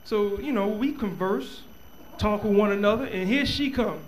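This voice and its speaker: A man doing a live stand-up comedy set, telling stories with a stutter and an animated delivery on a club stage. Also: sits high, moderate pace, a little hiss or hum.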